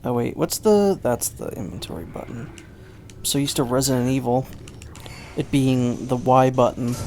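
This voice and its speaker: A man's voice: medium pitch, darkish tone, slight background noise. Rambling man giving let's-play commentary. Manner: rambling, chatty, self-mocking. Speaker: gameplay commentator.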